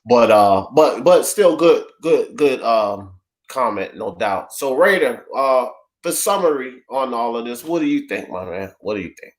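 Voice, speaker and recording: A man's voice: medium pitch, lively intonation, measured pace. A man hosting a casual sports talk panel, rambling through a summary and calling on his panelists by name. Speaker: host of a sports talk show.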